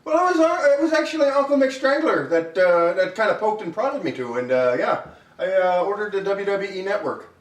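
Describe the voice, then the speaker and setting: A man's voice: high voice, expressive, brisk. A man co-hosting a podcast at a home dinner table, ranting in mock indignation with stumbling restarts. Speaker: podcast co-host. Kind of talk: casual banter over dinner. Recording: echoey room, distant mic.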